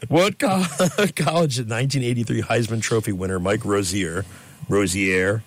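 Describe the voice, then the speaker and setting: A man's voice: mid-range voice, moderate pace, no room sound. Man, radio host, casual chat, jokey, playful, dry close mic. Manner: jokey, laughing, playful mock accent.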